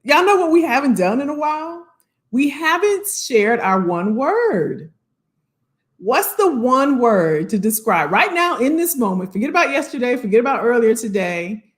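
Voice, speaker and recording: Lively high-voiced woman hosting a livestream. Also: moderate pace. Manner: upbeat, greets viewers by name; talks to unseen commenters. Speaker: livestream host, career coach. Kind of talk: casual livestream chat.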